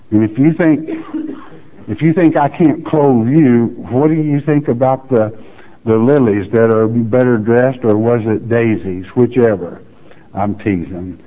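Male preacher, unhurried delivery, joking asides, thin phone-like recording. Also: mid-range voice. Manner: folksy, teasing asides. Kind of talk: verse-by-verse Bible teaching. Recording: tinny phone-like audio.

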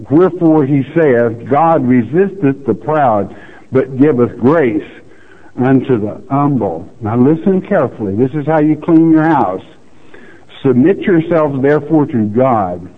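Man, preacher, bible teaching, folksy and teasing, slow, tinny lo-fi audio. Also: on the high side.

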